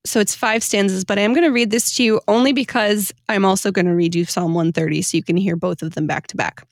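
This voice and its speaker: A woman's voice: mid-range voice, steady tone, fast talker, hardly any pauses, no room sound, clean studio sound. A woman hosting a podcast, chatting casually, laughing often and reading hymn texts aloud with feeling. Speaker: podcast host.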